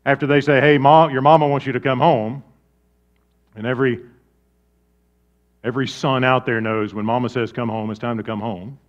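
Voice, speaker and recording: A man preaching a sermon as pastor, conversational and animated, swinging between loud bursts and soft, low asides. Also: normal speed, long pauses, dull audio.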